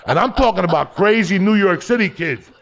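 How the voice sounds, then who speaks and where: A man telling a profane comic story as a podcast guest, swinging from loud shouting bursts to low muttering. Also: expressive, brisk. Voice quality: gravelly.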